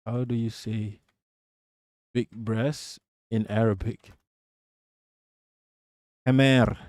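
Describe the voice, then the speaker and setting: A man's voice: on the low side, steady tone, extremely slow, a little mellow, dry recording, clean studio sound. Profane, rambling male streamer. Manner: profane, rambling, laughs often. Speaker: streamer host. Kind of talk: casual livestream commentary.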